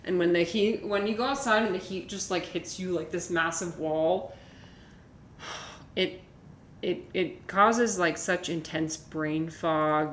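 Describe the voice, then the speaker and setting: Chatty low-voiced woman, echoey room. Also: slow. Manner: chatty, rambling, many fillers and restarts. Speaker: streamer. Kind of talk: casual chat with viewers. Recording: echoey room with faint noise.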